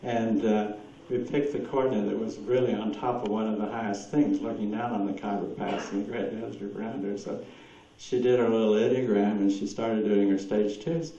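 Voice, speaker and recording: A man rambles through anecdotes with a mellow, dark tone, chuckling often. His voice comes from a distance in a roomy, echoing hall. The recording is dull, with faint noise underneath. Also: lowish voice, steady tone, a little fast, hardly any pauses. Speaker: speaker at a presentation. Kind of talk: anecdotal talk taking audience questions.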